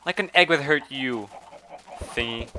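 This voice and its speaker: A man's voice: mid-range voice, a little slow, sharp tone, a little hiss or hum. A man giving casual gameplay commentary, chatty, swearing, and talking to the animals in the game. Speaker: gameplay video host.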